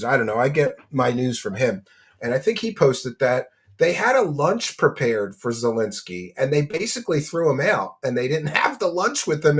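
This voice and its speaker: With a slightly high voice, a man hosts a casual commentary stream where he mocks his subject, laughs often and thanks donors by name.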